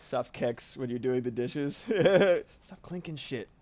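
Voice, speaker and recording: A man's voice: mid-range voice, animated, slow pace, darkish tone. A man streaming casually while drawing, rambling and swearing freely with frequent laughs.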